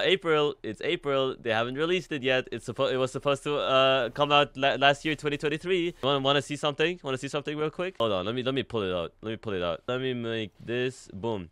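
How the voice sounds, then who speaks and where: Excitable young man streaming a game. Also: mid-range voice, smooth, dry recording. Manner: excitable, quick to shout and laugh, slangy. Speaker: gaming streamer. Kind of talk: casual livestream chat over gameplay.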